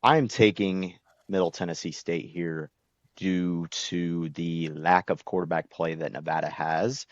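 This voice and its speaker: A man co-hosting a sports podcast, giving a betting preview in a measured, steady way. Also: sits low, no room sound. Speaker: podcast co-host. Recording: slightly dull lo-fi mic.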